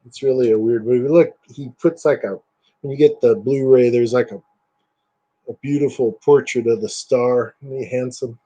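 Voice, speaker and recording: A man's voice: mid-range voice, fairly even intonation, moderate pace, mellow. A man chatting casually as he shows off collectibles, rambling with lots of fillers and plenty of enthusiasm. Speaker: collector showing items. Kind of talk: casual show-and-tell chat.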